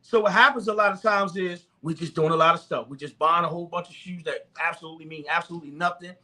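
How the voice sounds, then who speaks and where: High voiced preacher guy, fervent and repetitive, bright tone. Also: steady tone, quick pace. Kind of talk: sermon-style talk to the camera.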